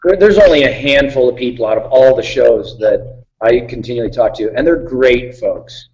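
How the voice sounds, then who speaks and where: A man's voice: mid-range voice, normal speed, a little mellow, highs cut off. A man in his thirties, a guest in a casual interview, talking in a laid-back, rambling way and swearing casually. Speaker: reality show contestant guest.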